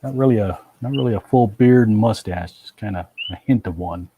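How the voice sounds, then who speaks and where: Relaxed man chatting while he sketches. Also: on the low side, brisk, phone-quality sound, noisy background. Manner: relaxed, thinking aloud, joking and chuckling. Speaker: artist hosting a sketch stream. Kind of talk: casual chat while drawing.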